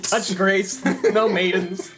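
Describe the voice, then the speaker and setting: A man co-hosting a game playthrough, teasing his friend with loud, laughing outbursts. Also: sits high, flat delivery, slow, music in the background. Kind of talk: casual banter.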